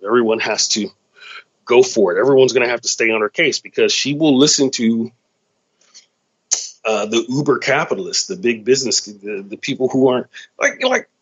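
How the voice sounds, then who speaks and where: A man's voice: mid-range voice, fairly bright tone. A man hosting his own show, riffing in a loose, profane comedic monologue. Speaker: podcast host, comedian. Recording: slightly dull lo-fi sound.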